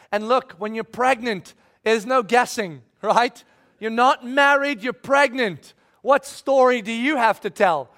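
Speaking unhurriedly in a very high voice, a male pastor delivers a sermon and gives voice to Bible characters, shifting from loud pleading to near-whispered passages.

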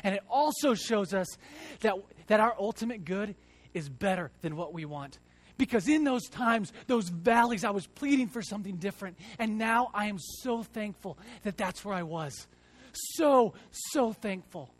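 A man in his thirties preaching a sermon to a congregation in a church, earnest, swinging between loud emphasis and hushed reflection and often repeating words. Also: high voice, animated, normal speed. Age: 30s. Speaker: church teacher.

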